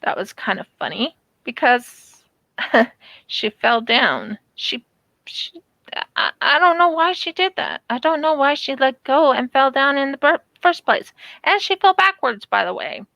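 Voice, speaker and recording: A high-pitched woman tells childhood stories at an easy, slow pace. She is animated and acts out the quotes in her stories, and her voice sounds close and dry. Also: creaky, no room sound, muffled recording. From United States. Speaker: craft channel vlogger. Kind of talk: casual storytelling while crafting.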